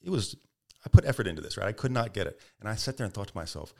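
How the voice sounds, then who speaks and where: A man's voice: lowish voice, racing, creaky. A middle-aged man, a podcast guest, telling stories animatedly and acting out the quotes. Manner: animated storyteller, acts out tones and quotes. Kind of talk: storytelling interview.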